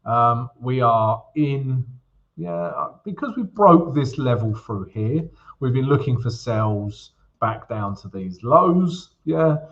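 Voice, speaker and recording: A man's voice: mid-range voice, animated, slow pace, lo-fi sound. An upbeat, chatty man hosting a trading livestream, greeting viewers by name and walking through charts. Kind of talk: casual livestream chat and chart walkthrough.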